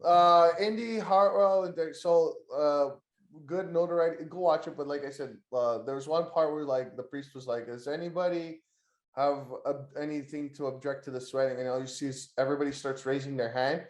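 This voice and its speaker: An excitable man co-hosting a casual podcast chat, full of slang and quick laughter. His voice sits a bit high, and the room around him rings with echo. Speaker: podcast co-host.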